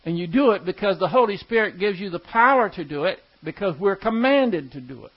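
Male pastor, high voice, emphatic teaching sermon, muffled lo-fi sound. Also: expressive. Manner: teaching, emphatic with slow stressed words.

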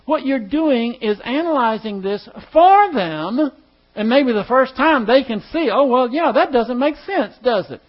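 Guy with a high voice teaching a class, chatty, keeps asking the room stuff, muffled lo-fi sound. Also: lively intonation, normal speed. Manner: conversational, asks the class questions. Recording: dull lo-fi recording.

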